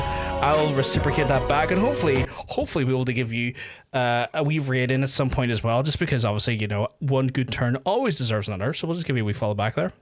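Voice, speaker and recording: A young man streaming a game, chatting excitably with viewers and leaping up in pitch when he gets worked up. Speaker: gaming streamer. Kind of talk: casual livestream chat while playing.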